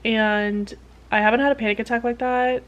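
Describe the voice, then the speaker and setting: A slightly high-pitched young woman talks straight to her vlog camera in an easy, chatty way. She rushes through a story, scattering "like" everywhere and acting out what other people said in sudden high, lively voices. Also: lo-fi sound. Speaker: vlogger, PhD student.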